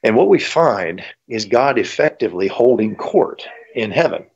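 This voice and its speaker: A man's voice: medium pitch, sing-song, moderate pace, slightly rough. A man teaching about the Bible in a conversational way, thinking aloud with fillers, on a dull lo-fi recording. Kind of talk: explanatory Bible teaching talk.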